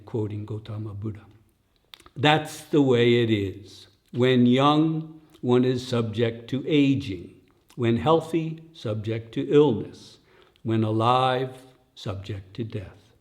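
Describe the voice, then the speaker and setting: An older man giving a dharma talk at a retreat in a slow, reflective way, often tagging his lines with "huh?" and dropping to soft, near-whispered asides. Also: mid-range voice. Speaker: dharma teacher.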